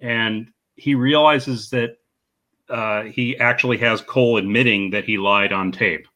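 Man, bright tone, chatty, laughs often, casual podcast recap. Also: lowish voice, fairly even intonation, unhurried. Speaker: podcast host. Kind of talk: casual movie discussion podcast.

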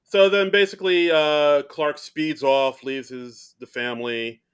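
A man's voice: on the high side, fairly even intonation, measured pace, a bit bright, clear, resonant tone. A man co-hosting a casual film review podcast, recapping the plot in a rambling way with many fillers. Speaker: podcast co-host.

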